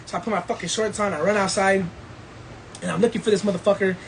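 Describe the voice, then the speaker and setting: A man's voice: sits high, fairly even intonation, quick pace, gravelly, slight background noise, low-quality recording. Laughing, profane man telling a wild story. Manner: profane slang-heavy storytelling, frequent laughter. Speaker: podcast host. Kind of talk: casual storytelling chat.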